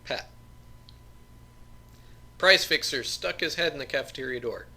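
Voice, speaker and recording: Gravelly bright-toned male narrator. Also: medium pitch, expressive, moderate pace, long pauses. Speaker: audiobook narrator. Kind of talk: audiobook reading of a novel.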